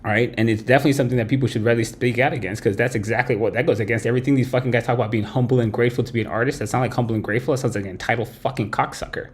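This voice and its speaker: Brief: male livestream host, mid-pitched, profane and blunt, ranting to his chat. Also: fairly even intonation, very fast, few pauses, slight background noise. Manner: blunt, heavy swearing, tags lines with "right?". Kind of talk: profane late-night stream rant.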